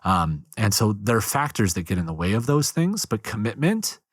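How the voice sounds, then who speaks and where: Man, podcast guest, low pitch, dry sound, acts out quotes, chatty. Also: normal speed, breathy edge, dry recording. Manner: animated storyteller, acts out quotes. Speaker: marriage guest speaker. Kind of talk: podcast conversation.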